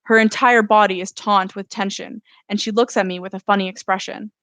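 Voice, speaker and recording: A woman author reading her own novel aloud in a steady first-person narration during a live stream. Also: medium pitch, brisk, dry recording.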